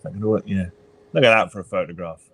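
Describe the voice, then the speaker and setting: A man's voice: deep voice, fast. A man, co-hosting a casual album review chat, rambling and hesitant. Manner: rambling, hesitant, laughs easily. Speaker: podcast co-host.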